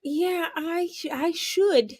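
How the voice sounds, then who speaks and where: A woman's voice: very high-pitched, darkish tone, no room sound, studio quality. A woman from northern Minnesota with a Minnesotan accent tinged Southern, chatting casually with lots of fillers and long O's. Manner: rambling, lots of "like", drawn-out O's. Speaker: livestream co-host. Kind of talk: casual chat.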